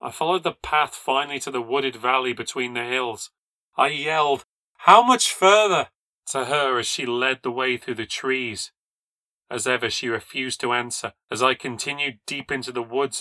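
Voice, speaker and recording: A man reading a first-person ghost story aloud for a podcast, in a measured, low-key storytelling voice that lifts at tense moments. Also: sharp tone, dry recording.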